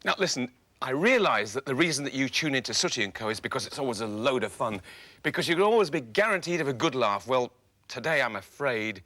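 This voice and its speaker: A man presenting a children's TV show, playful and expressive as he talks to puppets. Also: medium pitch, fast talker, no echo.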